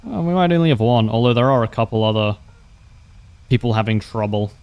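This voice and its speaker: Streaming a game, a young man keeps up casual, wry commentary, laughing a lot and fielding viewers' questions with ease. His middle-pitched voice is expressive, smooth and darkish, delivered a little fast with no room sound.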